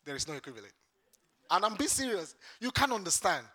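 Preacher from Lagos, man, high bright voice, impassioned repetitive sermon delivery. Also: very animated, fast. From Lagos, Nigeria.

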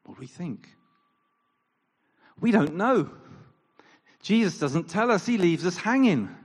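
A man preaching a sermon in an animated style, firing off rhetorical questions and acting out quoted lines. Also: sits high, slow pace, slightly rough. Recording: long reverb of a large hall.

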